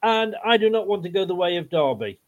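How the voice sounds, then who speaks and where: Blunt high-voiced man. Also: expressive, fairly quick. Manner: blunt, swears, rambling with fillers. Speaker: podcast co-host. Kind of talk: casual football chat. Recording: dull lo-fi sound.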